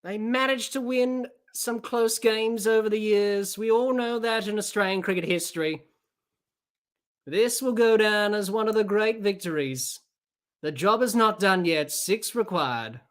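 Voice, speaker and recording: A woman hosting a live cricket watch-along podcast, excitable as she calls the play and answers viewer chat. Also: mid-range voice, measured pace. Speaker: podcast host.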